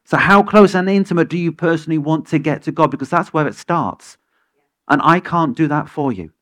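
A man's voice: on the high side, a little fast, a bit bright. A man preaching an impassioned sermon as pastor, firing questions at the congregation. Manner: impassioned, rising to emphatic peaks, asks the congregation many questions.

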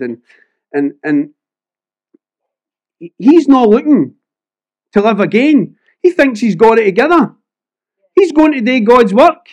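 A Scottish man preaches in an earnest, conversational way, sharing personal testimony with frequent restarts. His voice sits notably high for a man. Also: a little mellow.

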